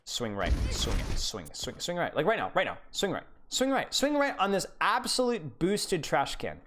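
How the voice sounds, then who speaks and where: A streamer coaching through a gameplay review, voice swinging up and down in pitch with lively energy. The critique is blunt and sarcastic, full of quick repeated words as thoughts tumble out. The voice sits in a middle pitch. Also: slight background noise. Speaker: game coach.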